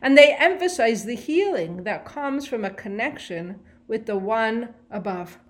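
A woman's voice: a little high, animated, measured pace. A woman giving a Torah lesson on the weekly portion. She asks rhetorical questions and translates Hebrew phrases line by line. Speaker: Torah teacher.

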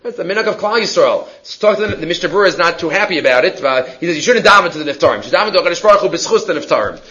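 High-voiced man teaching Talmud. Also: rapid-fire, lo-fi sound. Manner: lively, acts out the story's dialogue. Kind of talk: Talmud class, translating Aramaic.

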